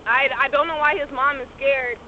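A woman's voice: high-pitched, steady tone, moderate pace. Insistent young woman on muffled police video. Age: young adult. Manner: insistent, repeats her questions. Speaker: woman being questioned by police. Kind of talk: argument with police. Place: residential street at night. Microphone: police video camera. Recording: muffled police video with loud background noise.

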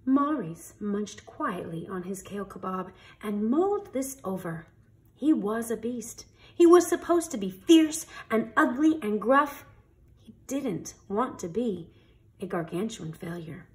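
Animated woman reading a storybook. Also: mid-range voice, measured pace. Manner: expressive, animated read-aloud. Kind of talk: reading a picture book aloud.

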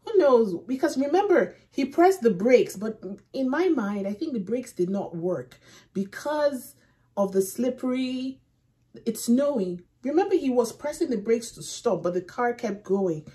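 A woman hosting a movie reaction, thinking aloud slowly and repeating herself with rhetorical questions. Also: fairly high pitch, animated, warm tone. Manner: slow, musing and repetitive, with rhetorical questions.

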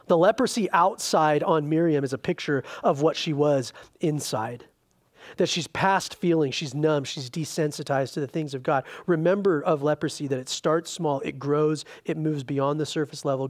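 A man pastor preaching a conversational Bible-study sermon, animated, with frequent restarts and filler words. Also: a little high, moderate pace. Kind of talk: expository sermon. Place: church sanctuary.

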